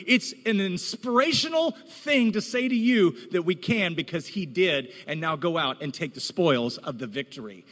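A man preaching a sermon as a pastor, animated and rising to emphatic exhortation. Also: high voice, moderate pace, few pauses. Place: church hall. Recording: reverberant hall.

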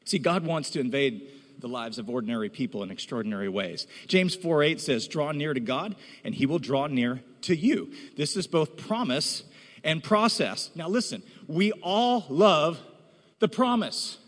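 A man preaching a sermon as a pastor, animated and rising to emphatic exhortation. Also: a little high, moderate pace. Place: church hall. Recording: reverberant hall.

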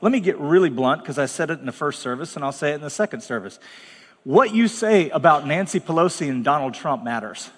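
A man's voice: fairly high pitch, expressive, a little fast, fairly bright tone, slightly rough, in a large hall. A man preaching as pastor, talking bluntly and conversationally with dramatic asides. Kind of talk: sermon. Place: large church hall.

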